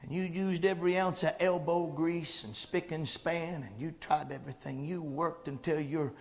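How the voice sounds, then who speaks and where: A male preacher, giving a sermon that swings between hushed pleading and shouted exhortation. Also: a little high, steady tone, normal speed, hardly any pauses.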